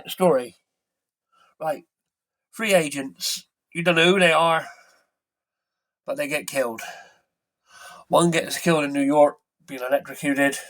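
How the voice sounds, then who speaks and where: A film reviewer with a medium-pitched, fairly bright voice casually recaps a movie's plot from memory. He rambles along and corrects himself as he goes.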